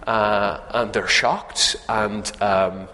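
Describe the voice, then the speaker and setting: A man's voice: lowish voice, fairly even intonation, very slow, bright, forceful tone. Guy preaching, chatty and jokey, voice ringing out in a big echoey church hall. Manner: conversational, humorous, asks the congregation questions. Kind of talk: sermon. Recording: long hall reverb.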